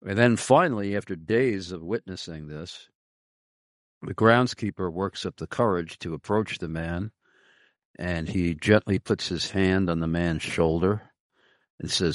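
A man co-hosting a podcast, telling a joke at a very unhurried, deliberate pace. His voice is fairly low, and the close mic gives a dry sound with no room in it. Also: no echo. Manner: slow, deliberate storyteller. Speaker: podcast co-host.

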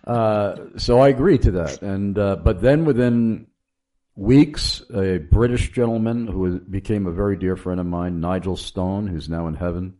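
A man with a very low, dark voice tells his faith story in a slow, unhurried way. He speaks earnestly, often pausing on fillers and starting sentences over as he recalls events. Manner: halting, many fillers and restarts, earnest. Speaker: guest telling his testimony. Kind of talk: casual spoken testimony.

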